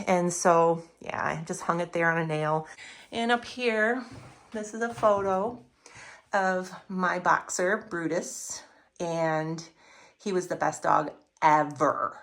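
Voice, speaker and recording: A woman's voice: lowish voice, fairly bright tone. A woman in her fifties chatting casually while giving a home tour, enthusiastic about her thrift finds. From United States.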